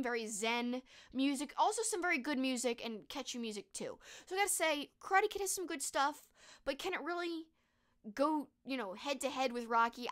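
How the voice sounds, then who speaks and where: A young woman streaming from her desk, talking fast and freely as she reads out viewer comments. Her voice sits a touch high, and she gushes, stacking fillers between thoughts. It sounds like a casual one-person chat into a desk mic. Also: a bit bright. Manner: gushing, chatty, full of fillers.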